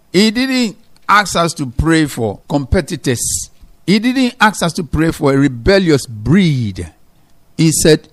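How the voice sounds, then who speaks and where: A male pastor delivering a sermon in a fairly high-pitched voice. He preaches emphatically, rising to loud exhortations and then dropping low and quiet to drive a point home.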